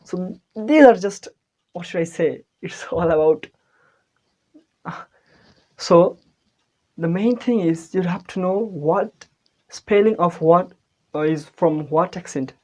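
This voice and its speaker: A man's voice: high voice, slow pace, pauses often, a little mellow. A man giving a casual spoken-English lesson in an informal, hesitant way, spelling out words letter by letter. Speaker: English tutor.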